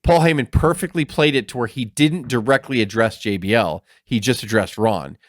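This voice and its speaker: A man's voice: mid-range voice, moderate pace, dry recording, clean studio sound. A man co-hosting a casual wrestling podcast, telling stories with animation and acting out the people he quotes. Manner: animated storyteller who acts out quoted people. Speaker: podcast co-host. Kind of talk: casual chat.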